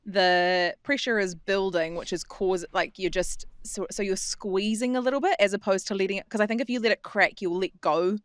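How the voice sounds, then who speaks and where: A woman's voice: medium pitch, moderate pace, few pauses, smooth, no echo. A woman co-hosting a voice-acting podcast, chatting casually and breaking down vocal technique in anatomical terms. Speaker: voice actor podcast co-host. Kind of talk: casual chat about voice technique.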